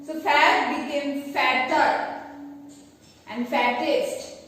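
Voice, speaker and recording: Woman, slow careful teacher talk, distant mic, long room reverb. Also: high-pitched, fairly even intonation, fairly bright tone, a little hiss or hum. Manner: slow, careful explanation with spelled-out letters. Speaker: English teacher. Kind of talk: grammar lesson. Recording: echoey room, far from the mic.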